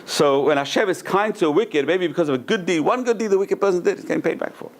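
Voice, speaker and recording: A man's voice: high voice, quick pace. A man, a rabbi, giving a Torah class, telling stories animatedly and repeating phrases for emphasis. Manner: animated storyteller, repeats phrases, acts out quoted voices. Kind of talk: Torah class lecture with storytelling.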